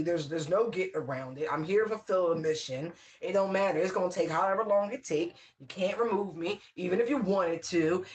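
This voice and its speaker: A tarot reader talking casually to viewers, excitable and laughing often, stretching out exclamations. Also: mid-range voice.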